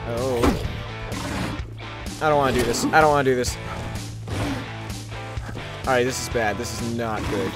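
A young man commentating his gameplay in a jokey, excitable way, swearing and shouting at enemies. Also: medium pitch, unhurried, pauses often, over loud music. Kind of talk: let's play commentary.

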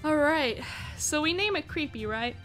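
Giggly high-voiced woman streamer. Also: normal speed. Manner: giggly, squealing with excitement. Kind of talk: live game stream chat. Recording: faint music behind. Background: faint music.

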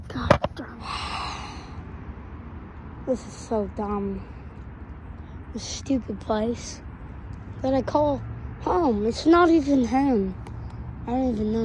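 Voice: mid-range voice, background noise. A performer voicing a grumpy young loner who tinkers with drones, talking through a voice changer in a British accent with a lisp, half-whispering and grumbling to himself. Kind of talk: muttered solo role-play. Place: outdoors in woods.

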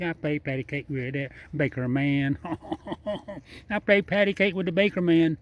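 Guy outside at night sweet-talking a critter, says everything twice, keeps chuckling, voice sits a bit high. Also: little pitch movement, unhurried. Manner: chatty and repetitive, coaxing and laughing, nonstandard speech. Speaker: vlogger feeding a wild raccoon. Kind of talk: casual running commentary to camera and animal. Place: outdoors at night.

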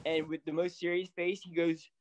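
A man, a salon stylist, telling a story as a guest in casual chat, animated and laughing often. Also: on the high side, moderate pace, dull audio.

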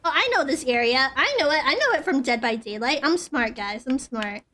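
A woman streams a horror game, rambling nervously in casual commentary, swearing often and saying "like" constantly. Her high, expressive voice is fairly quick and sharp-toned, with a little hiss or hum in the background.

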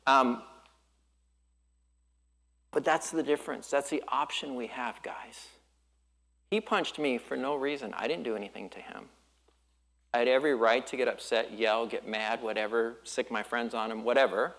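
A male pastor from Southern California preaching a sermon in a relaxed storytelling way, with surfer slang and quick laughs. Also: mid-range voice.

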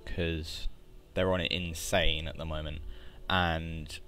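A man's voice: a bass voice, little pitch movement, slow, pushed and bright, soft background music. A man, talking casually and rambling through asides while commenting on a video game. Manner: rambling, chatty asides, mild grumbling. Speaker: let's play commentator.

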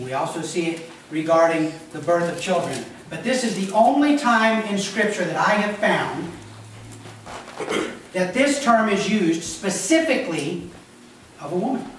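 A man giving a sermon as pastor, animated and joking in a conversational way. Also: high voice, a little hiss or hum. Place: church sanctuary. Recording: echoey church hall from a distance.

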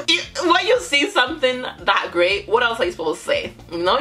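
A young woman hosting a casual reaction vlog, giggling often and breaking into high exclamations. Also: big pitch swings, normal speed, over music. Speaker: YouTube reaction host.

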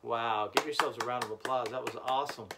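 A man's voice: mid-range voice, fairly even intonation, quick pace, gravelly. A man teaching a children's music lesson, encouraging the class and chanting rhythm syllables. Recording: loud background noise.

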